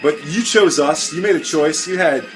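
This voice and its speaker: A man's voice: a little high, normal speed, over music. A man hosting a comedy sketch show, rambling and joking in a mock-pompous manner.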